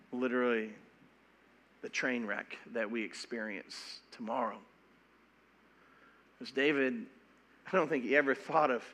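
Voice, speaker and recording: A middle-aged pastor preaching a sermon in an animated, emphatic way, often stumbling and repeating words as he goes. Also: medium pitch.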